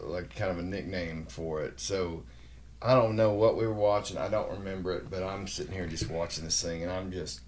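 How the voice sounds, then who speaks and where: A man's voice: deep voice, steady tone, a little fast, a little mellow, slight background noise. A man in his forties, a podcast guest, talking bluntly with frequent swearing and jokes. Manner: blunt, profane, joking. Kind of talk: casual chat.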